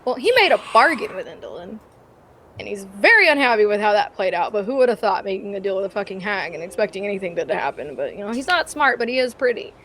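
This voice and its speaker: A woman's voice: mid-range voice, very animated, fast talker, fairly bright tone, slight background noise. A woman playing in a tabletop game stream, chatting in a rambling, casual way full of ums. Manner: rambling, with frequent ums and laughs.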